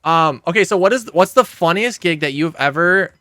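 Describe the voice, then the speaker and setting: A man hosting a podcast, eagerly asking his guest questions and making quick callouts while they play a game. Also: high-pitched, animated, sharp tone, no echo. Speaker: podcast host. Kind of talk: casual podcast chat while gaming.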